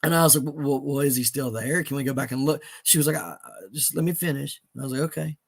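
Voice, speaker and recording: A middle-aged man tells a moving personal story in an earnest, halting way, full of restarts. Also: mid-range voice, steady tone. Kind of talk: emotional storytelling in conversation.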